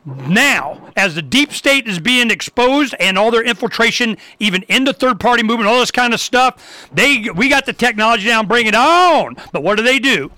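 A man hosting a talk show, delivering a rambling, fired-up rant with sudden loud, emphatic bursts. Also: very high voice, lively intonation, moderate pace, no echo. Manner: loose and rambling, with restarts. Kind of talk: ranting talk show monologue.

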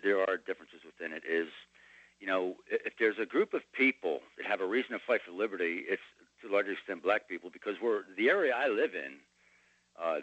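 A man hosting political talk radio, speaking haltingly with many restarts, on a dull lo-fi recording. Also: on the low side, fairly bright tone, no echo.

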